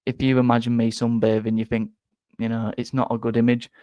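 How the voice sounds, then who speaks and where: A man's voice: medium pitch, level tone, a little fast, dark tone, no echo, lo-fi sound. A man with a Northern English accent chatting casually and rambling in a self-deprecating way about what he likes. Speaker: football fan channel host. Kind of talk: casual chat.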